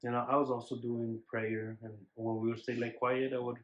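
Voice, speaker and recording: A man, a vlogger and new father, telling his side of a story in a casual, halting way. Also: medium pitch, level tone. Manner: halting, restarts often. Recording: dull lo-fi sound.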